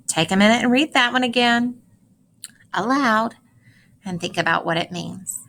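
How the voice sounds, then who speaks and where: A woman teacher gives a recorded lesson, reading short poems aloud slowly and carefully and telling students how to practice them. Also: on the high side, a bit bright, a little hiss or hum. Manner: slow, careful, instructive read-aloud with clear phrasing.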